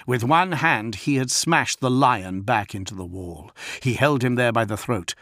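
A man narrating an audiobook in an even, unhurried reading. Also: mid-range voice, no echo, clean studio sound. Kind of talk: scripted narration.

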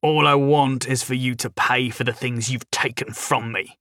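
A man's voice: medium pitch, fairly even intonation, moderate pace, pushed and bright, no room sound, studio quality. A man voicing a hot-tempered, gloating young male crime lord who blusters angrily in a storybook reading. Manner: blustering, angry.

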